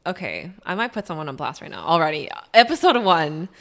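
A woman's voice: sits low, brisk. A young adult woman co-hosting a podcast, ranting in casual chat and filling her talk with "like". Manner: ranting, animated, heavy use of "like". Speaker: podcast co-host.

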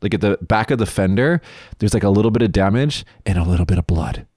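A man from the United States telling a story in a casual chat, animated, profane and rambling. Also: fairly low pitch, fast talker, no echo, clean studio sound.

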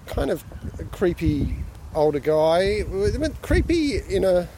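A man's voice: sits high, sing-song, slow pace, warm tone. Man musing about a film on a busy street. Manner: musing, hesitant, many restarts. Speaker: film discussion co-host. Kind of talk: casual chat while walking. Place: city street outdoors. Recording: street noise from passing traffic. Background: traffic noise.

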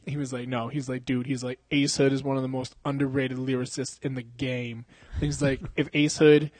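On a podcast, a young male host tells a long bar story into a handheld mic, his medium-pitched voice slightly mellow, at normal speed and with no room sound. He swears a lot, uses slang, laughs often, and acts out what people said in this casual storytelling.

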